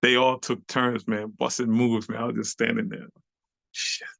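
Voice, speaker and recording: A middle-aged man, a club dancer telling a lively, slangy story as an interview guest and acting out the voices of the people in it. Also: medium pitch, moderate pace, vocal fry, dry recording. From New York City. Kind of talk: animated storytelling.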